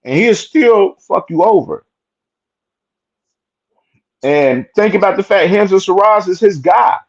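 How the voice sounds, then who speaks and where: A high-voiced young man gives casual, opinionated commentary on his own show. He talks emphatically and repeats himself, full of slang and cursing. The sound is muffled and lo-fi. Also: measured pace. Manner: emphatic, repetitive, swears freely, slangy. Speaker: boxing commentary host.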